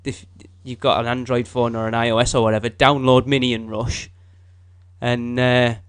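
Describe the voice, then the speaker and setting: Excitable rambling male podcast co-host. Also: normal speed, smooth. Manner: excitable, rambling, jumps to high pitch when worked up. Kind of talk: casual chat.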